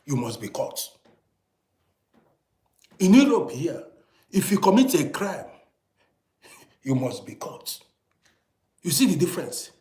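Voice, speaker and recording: A man with a Nigerian accent delivers a heated video rant, hammering his viewers with repeated rhetorical questions. His voice sits high and leaps around in pitch. The sound bounces off the walls of an echoey room. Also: very animated, slow pace, pauses often, mellow. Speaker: vlogger. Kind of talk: ranting commentary video. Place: indoors in Europe.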